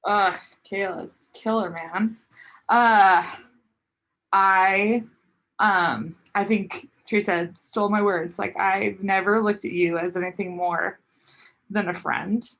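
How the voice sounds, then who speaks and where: A woman teacher says goodbye to a student over a video call. She speaks slowly and haltingly, stopping to find the right words. Her voice is mid-pitched and affectionate. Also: steady tone, vocal fry, fairly bright tone. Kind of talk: heartfelt farewell on a video call.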